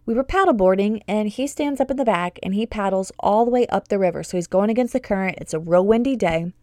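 A woman in her thirties hosting a podcast as a homeschool business coach, talking in a casual, gushing and upbeat way with rambling, excited asides. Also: medium pitch, quick pace, dry recording, clean studio sound.

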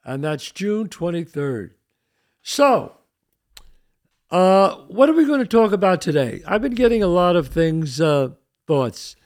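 A man's voice: high-pitched, sing-song, measured pace, darkish tone. An older man hosting a talk show, telling a personal story in a casual, streetwise way, full of asides to his co-host. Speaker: podcast host.

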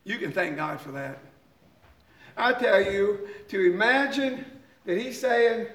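A man's voice: high voice, lively intonation, a bit bright, reverberant. A man preaching a sermon with emphasis, often asking "okay?" and laughing between points. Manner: reads hymn lines slowly and deliberately.

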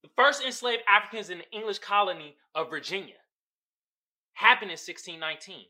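A young man hosting a podcast, giving casual, profane, animated commentary straight to his listeners. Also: high-pitched, fairly quick. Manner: animated, loud, swearing, talking straight to listeners. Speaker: podcast host.

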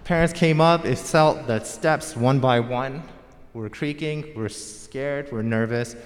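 A man's voice: medium pitch, slow pace. An American man preaching a sermon as pastor, in a conversational storytelling manner. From United States. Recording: long hall reverb.

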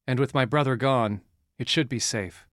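A man's voice: medium pitch, normal speed, dry recording, clean studio sound, lightly acted. A man voicing a determined, resourceful young woman who speaks firmly and directly in an audiobook. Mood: matter-of-fact. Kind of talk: audiobook character voice.

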